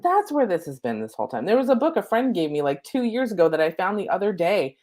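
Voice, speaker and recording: A woman's voice: medium pitch, sing-song, fast talker, darkish tone. A middle-aged woman, a spiritual coach, giving a live-streamed lesson from home on her laptop mic, casual, chatty and cheerfully profane.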